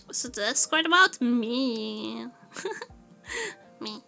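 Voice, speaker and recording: Young woman streamer, high and very bright voice, unhurried, laughing storyteller, faint music behind. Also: vocal fry. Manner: laughs often, animated storytelling. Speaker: vtuber streamer. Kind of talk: casual chat.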